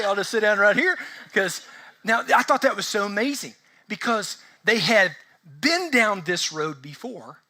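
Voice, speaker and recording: Bright, high-voiced preaching man. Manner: animated, rhetorical questions to the congregation. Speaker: pastor. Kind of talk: conversational sermon.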